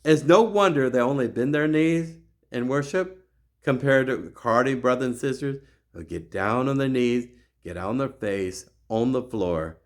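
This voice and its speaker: A middle-aged man hosting his own show, giving an impassioned religious monologue that is full of repeats and restarts. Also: medium pitch. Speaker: show host.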